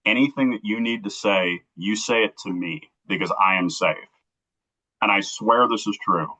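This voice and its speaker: A man from Kansas City telling an emotional personal story as a guest, earnest and halting, acting out the dialogue he quotes. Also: lowish voice, bright, forceful tone, breathy edge. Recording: dull lo-fi recording.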